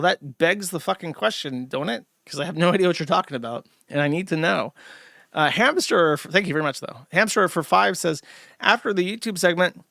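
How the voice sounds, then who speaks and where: Man, streamer, gravelly voice, slightly high pitch, blunt, profane, casual livestream chat. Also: fairly bright tone, no echo, clean studio sound. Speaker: streamer reading viewer donations.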